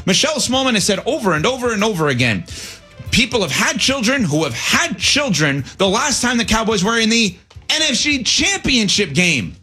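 A man's voice: sits high, huge pitch swings, moderate pace, pushed and bright, slightly rough, faint music behind. A male sports radio host arguing his points emphatically, with sarcastic asides.

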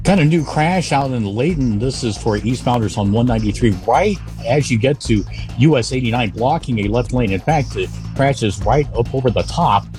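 A man's voice: mid-range voice, animated, normal speed, a little mellow, faint music behind. A man giving a live radio traffic report, matter-of-fact with frequent fillers.

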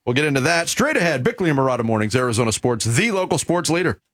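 A man hosting a morning sports radio show, smoothly wrapping up a segment. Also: mid-range voice, sing-song, quick pace, a bit bright, no echo, clean studio sound.

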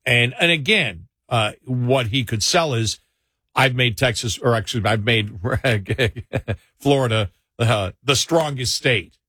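A man hosts a political talk show in a relaxed, conversational way, with dry humor that slips in now and then. His voice is bright and forceful. The sound is dry and close, with no room echo. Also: medium pitch, slow pace, slightly rough. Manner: sarcastic, conversational, self-correcting.

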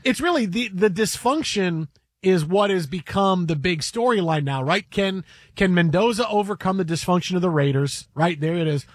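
Male sports radio host, high voice, excitable and quick to restart his sentences, recorded dry and close. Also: dry recording. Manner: animated, excitable, stammering restarts. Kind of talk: casual sports radio chat.

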